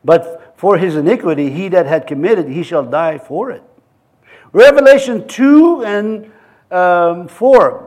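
A man's voice: sits high, a little slow, darkish tone. A man preaching a sermon in a church, mixing scripture readings with joking, chuckling asides. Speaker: pastor.

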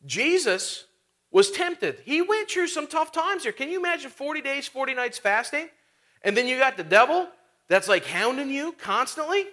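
Bright-voiced preacher, man. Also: very high voice, sing-song, moderate pace. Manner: conversational, with rhetorical questions and fillers. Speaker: pastor. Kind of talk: sermon.

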